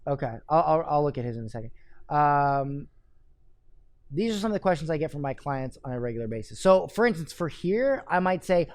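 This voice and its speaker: A marketing coach gives a blunt live critique, reading marketing drafts aloud and then picking them apart. The voice sits at a middle pitch, and the sound is dry and close with no room echo. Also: expressive, normal speed, a little mellow.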